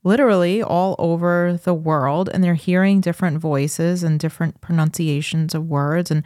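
Softened New York woman, dry close sound. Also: on the low side, steady tone, normal speed, no room sound. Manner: chatty, thinks aloud with restarts. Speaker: podcast co-host. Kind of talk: casual chat.

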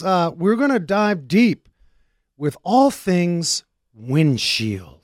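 A man hosting a car talk radio show, joking in an energetic, talkative way. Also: sits high, slow, no room sound, clean studio sound. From Arizona.

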